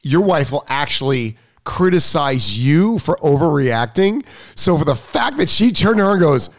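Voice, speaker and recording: Gravelly man with a lively voice. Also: on the high side, moderate pace. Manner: reactive, joking interjections. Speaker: podcast co-host. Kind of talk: casual chat.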